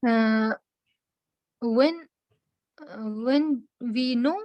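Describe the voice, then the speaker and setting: A woman's voice: on the high side, extremely slow, no room sound, dull audio. A woman student answering in an online class, hesitant and searching for words. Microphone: online class call.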